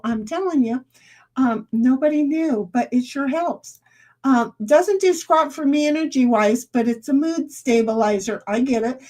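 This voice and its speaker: A woman's voice: high voice, mellow. A woman streamer chatting casually with her viewers, rambling and laughing often. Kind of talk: casual live-stream chat.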